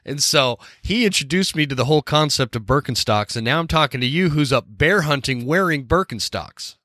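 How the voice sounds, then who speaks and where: Bright-voiced joking podcast host, a man. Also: on the high side, expressive, a little fast, no room sound, clean studio sound. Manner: joking, laughs easily. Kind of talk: casual chat.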